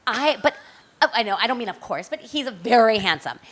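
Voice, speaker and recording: A woman chatting as an interview guest, telling long, animated, rambling stories. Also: on the high side, brisk. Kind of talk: casual chat.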